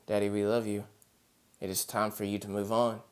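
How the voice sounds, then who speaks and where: A man voicing a grown daughter who is tearfully and gently saying goodbye to her late father. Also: lowish voice, level tone, moderate pace, clean tone, natural voice. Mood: tearful, tender. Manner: pleading, gentle.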